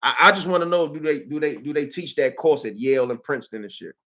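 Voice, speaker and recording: Animated, bright-voiced DC man ranting. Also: fairly high pitch, quick pace. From Washington, DC. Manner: animated, mocking, streetwise banter. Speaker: live-stream host. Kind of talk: live-stream commentary.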